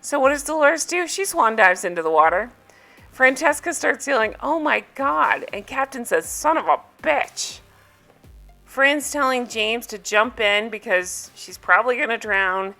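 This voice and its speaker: A woman's voice: fairly high pitch, lively intonation, moderate pace, pushed and bright, soft background music. A woman recapping a reality TV episode in casual, amused chat, with frequent ums.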